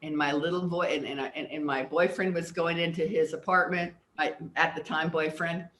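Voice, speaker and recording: This older woman, a personal development teacher appearing as an interview-show guest, has a low, fairly bright voice with fairly even intonation and normal speed. She earnestly explains ideas and tells personal stories, sometimes repeating words while recalling, in a roomy echo.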